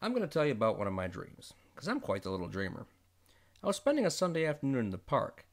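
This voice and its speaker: A man telling a comic first-person story, jokey and fast-shifting between voices. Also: mid-range voice, wildly swooping pitch, faint music behind. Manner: jokey storytelling with quick voice switches.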